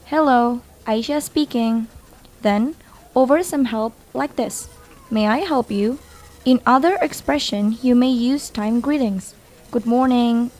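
A woman's voice: fairly high pitch, darkish tone, lightly acted. A woman with an Indonesian accent playing a helpful young office receptionist, patiently explaining phone manners. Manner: patient, instructive. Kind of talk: scripted educational role-play.

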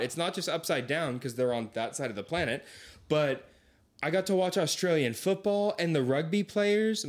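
A young man telling a long story in casual chat, acting out voices as he goes. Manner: animated, acts out quoted voices with big pitch swings.

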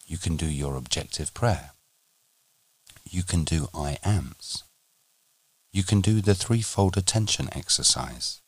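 A man teaching on a podcast, speaking in a measured, deliberate way and slowing down for emphasis. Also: a bass voice, breathy edge, no echo. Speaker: meditation teacher.

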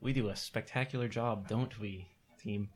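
A man's voice: lowish voice, steady tone, normal speed. A man playing a tabletop game, chatting in a playful, upbeat way. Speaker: player. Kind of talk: casual tabletop game play.

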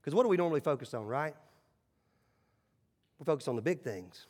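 High-voiced preacher in a reverberant hall. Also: male voice, animated, fairly quick. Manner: emphatic, swinging between loud calls and hushed asides. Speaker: pastor. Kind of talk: sermon. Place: church sanctuary.

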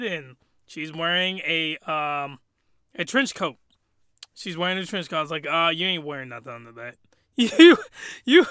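Male comedic reviewer: smooth, clear voice, bone-dry sound, rambling and exclamatory. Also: high voice, sharp tone, no echo. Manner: rambling, exclamatory, loose and colloquial. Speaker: anime reviewer.

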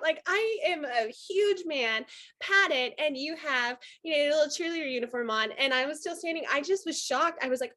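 A woman's voice: sits high, brisk, fairly bright tone. A young woman in her twenties, a cheerleader guest on a podcast, telling a story in a bubbly, giggly way and acting out her own thoughts. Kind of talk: animated storytelling in an interview.

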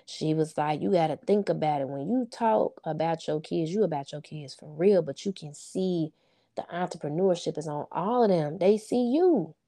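Her voice is low and mellow at a moderate pace as she chats casually in an interview, a single mother talking about her boys. She's earnest and informal, speaking from the heart and often tossing in "you know what I'm saying."

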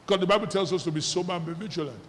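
A man's voice: sits high, very fast, a bit bright. A man preaching a sermon to his congregation as pastor, pressing them with repeated questions and firm commands. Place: church hall. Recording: reverberant church hall with faint noise.

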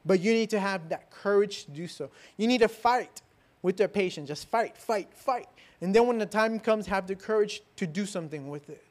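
High-voiced man preaching with emphasis. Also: normal speed. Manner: emphatic preaching with rhetorical questions and repetition; swings between loud declarations and soft, hushed lines. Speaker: pastor. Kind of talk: sermon.

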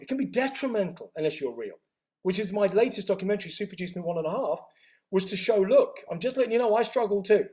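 Guy chatting in an interview, high voice, quick excitable storytelling. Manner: energetic, animated storytelling with frequent restarts. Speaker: guest, health author and retreat owner. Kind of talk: casual interview chat.

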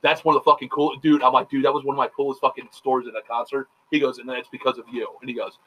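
A man talking fast and loose on a casual podcast, swearing freely as he spins a long anecdote. He acts out what everyone said, one line after another, at a mid-range pitch. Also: level tone, fairly bright tone, rough recording. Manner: rapid, profane storytelling full of quoted dialogue. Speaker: podcast host. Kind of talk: casual chat.

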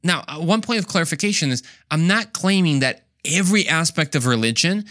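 A man's voice: fairly high pitch, lively intonation, brisk, bright, forceful tone, dry recording, studio quality. A young man hosting a Christian podcast, talking casually with jokey, slangy asides. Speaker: podcast host.

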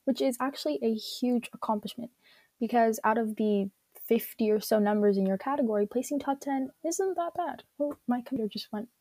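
A woman with a fairly high yet mellow voice rambles through her solo podcast, filling gaps with "like" and "um" and laughing at herself. The recording is dry and close, with no room sound. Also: fairly quick, dry recording. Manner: rambling, giggly, self-deprecating, many "like" and "um" fillers. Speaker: podcast host. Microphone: own recording setup at home.

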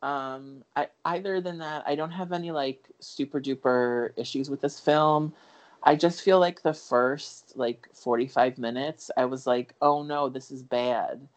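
A man talking loosely through a film review on a podcast, circling his points with fillers and false starts. He is candid and swears now and then, in a relaxed, unscripted chat. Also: mid-range voice, a little slow. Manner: rambling, full of fillers and restarts. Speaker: podcast co-host.

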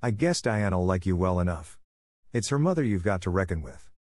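A man voicing a stern, practical older woman who brisk-ly scolds her adopted girl, in a storybook reading. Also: low-pitched, big pitch swings, a little mellow, no echo, clean studio sound. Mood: scolding.

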